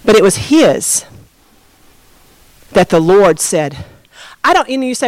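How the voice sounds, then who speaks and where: A woman pastor telling a story in a sermon, expressive and conversational, addressing her congregation. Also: medium pitch, takes it slowly, dry recording.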